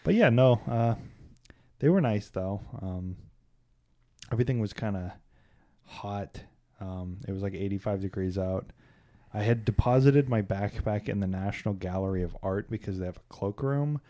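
A man's voice: fairly low pitch, moderate pace, dark tone, no room sound, studio quality. A man from Kansas City co-hosting a podcast, telling rambling stories in a wry, irreverent way. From Kansas City, USA. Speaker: podcast co-host. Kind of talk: casual podcast chat.

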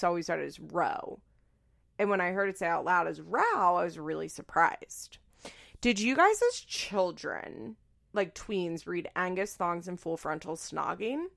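A woman in her thirties talks through a casual solo podcast in a lowish voice with a gravelly edge. She rambles with lots of fillers and pokes fun at herself. Her delivery is loose and chatty. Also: fairly bright tone. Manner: chatty, self-deprecating, rambling with many fillers. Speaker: podcast host.

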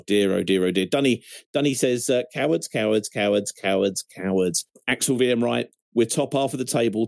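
A man's voice: mid-range voice, darkish tone, no echo. A man hosting a fan podcast, reading listener messages aloud with wry, chatty asides and plenty of self-interruptions. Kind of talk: casual chat.

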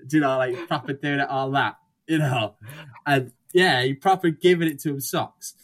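Young guy, casual storyteller, salty language, mid pitch. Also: fairly even intonation, moderate pace. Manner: rambling storyteller, swears freely, acts out quotes. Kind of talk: casual chat.

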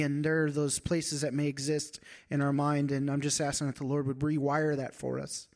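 A man with a somewhat higher voice delivers a sermon. His manner is conversational rather than grand. He leans on rhetorical questions as he feels his way toward his point. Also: little pitch movement, normal speed, few pauses, darkish tone. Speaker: pastor.

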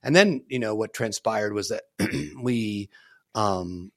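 Low-voiced middle-aged man telling stories. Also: takes it slowly, no room sound, studio quality. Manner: animated, lots of "you know" and "like" fillers, casual swearing. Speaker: podcast guest, entrepreneur. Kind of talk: casual storytelling interview.

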